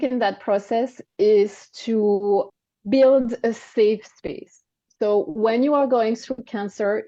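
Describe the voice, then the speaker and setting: A woman's voice: medium pitch, dark tone, no echo, highs cut off. A woman in her forties with a French accent, a guest in an interview, explaining her experience in a reflective way with frequent "right?" and "you know". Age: 40s. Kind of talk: interview conversation.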